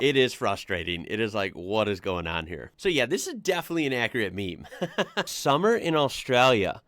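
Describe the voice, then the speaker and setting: A man's voice: on the high side, very animated, normal speed, fairly bright tone, dry recording, studio quality. An American man hosting a casual reaction video, chatting loosely with lots of "like" fillers and frequent laughter. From United States. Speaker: reaction channel host.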